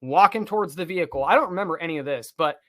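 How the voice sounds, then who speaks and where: A man, a podcast co-host, telling a long personal story in casual talk, animated and swearing freely. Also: fairly high pitch, rapid-fire.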